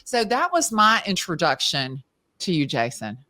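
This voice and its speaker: Woman, Southern US accent, podcast host, excitable storyteller, casual interview chat, says y'all. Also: on the low side, a little slow.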